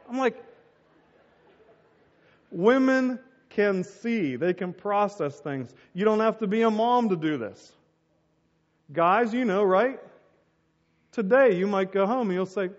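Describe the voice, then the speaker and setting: A man's voice: sits high, expressive, slow, pauses often, in a large hall, muffled recording. A middle-aged man preaching a sermon as a pastor and telling stories with acted-out voices.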